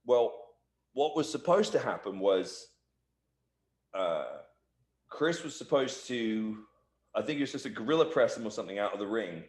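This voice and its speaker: A man giving a shoot interview, telling a backstage anecdote with lively, acted-out quotes. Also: on the low side, moderate pace, pauses often. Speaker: interview guest, wrestler. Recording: echoey room.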